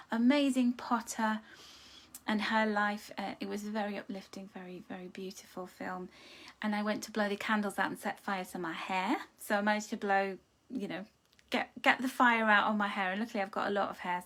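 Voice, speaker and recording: A woman hosting a live card-reading stream from home, chatting casually and greeting viewers with endearments like darling. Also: mid-range voice. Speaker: card reader hosting a livestream. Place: home room.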